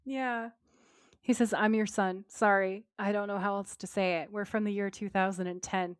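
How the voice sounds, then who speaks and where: A woman co-hosting a podcast, retelling a TV episode with lively quoted lines in casual chat. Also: mid-range voice, normal speed, smooth, no echo, studio quality. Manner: lively retelling, quoting characters in her own voice. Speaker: podcast co-host.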